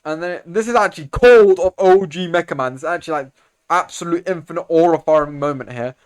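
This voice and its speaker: A young man casually recapping a comic, rambling in slang, correcting himself, and getting loud and excited over the fight scenes. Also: a little high, moderate pace. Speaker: video creator explaining comics.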